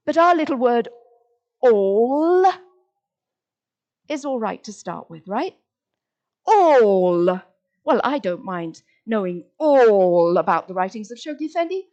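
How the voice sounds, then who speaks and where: A woman giving a lecture in an expressive, playful way, acting out inner voices and drawing out single words, often asking the audience questions. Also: a little high. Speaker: summer school lecturer. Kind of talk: expressive lecture on word meanings.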